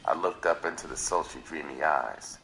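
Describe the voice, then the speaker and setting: A man's voice: rumbling low, normal speed, a bit bright, a little hiss or hum. A man reading a novel aloud on a live stream in dramatic first-person narration. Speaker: reader.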